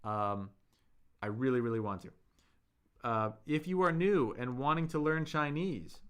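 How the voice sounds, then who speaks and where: A man hosting a live Chinese lesson, chatty and upbeat, reading viewer comments aloud and slowing down to model tones. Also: medium pitch, expressive, clear, resonant tone. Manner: reads viewer comments aloud and answers them. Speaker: Chinese teacher and livestream host. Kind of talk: live-streamed language lesson reading chat.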